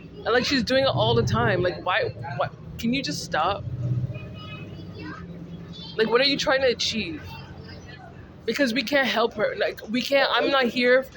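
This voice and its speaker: Woman vlogger, exasperated venting rant, high pitch, casual. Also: unhurried, long pauses, background noise. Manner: ranting, repetitive, exasperated.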